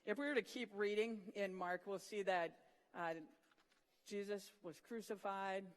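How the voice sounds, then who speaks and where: An earnest preacher delivers a sermon at a mid-range pitch, retelling scripture stories with vivid storytelling and sudden hushed moments for emphasis. The voice rings with the long reverb of a large hall. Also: unhurried.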